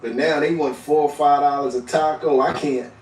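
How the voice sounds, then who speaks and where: A man's voice: a little high, fairly even intonation, normal speed, roomy sound, far from the mic, soft background music. A man giving candid, chatty commentary. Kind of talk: casual commentary.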